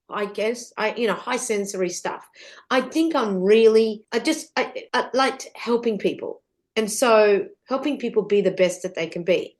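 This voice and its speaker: A middle-aged woman telling her life story as a podcast guest, animated and rambling, with restarts and the odd swear word. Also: fairly high pitch. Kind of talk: candid storytelling interview.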